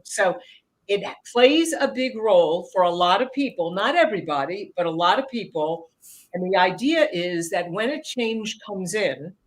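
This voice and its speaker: Animated woman acting out inner voices. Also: poor audio. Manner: animated, acts out inner voices with sudden pitch jumps. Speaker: guest expert. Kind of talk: conversational interview answer.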